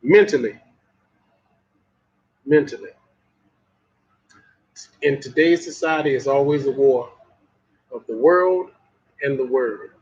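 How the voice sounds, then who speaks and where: Fiery Southern man preaching with a husky voice. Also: mid-range voice, slow, pauses often, darkish tone. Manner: preachy, profane, folksy, repeats lines for emphasis. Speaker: motivational vlogger. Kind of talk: fiery motivational monologue. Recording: muffled lo-fi audio.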